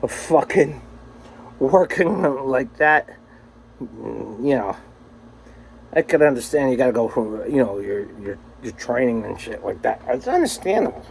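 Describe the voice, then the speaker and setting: A man's voice: medium pitch, big pitch swings, measured pace, gravelly, slight background noise, poor audio. A man recording a casual, rambling video message to a friend, swearing freely and laughing often. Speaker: vlogger.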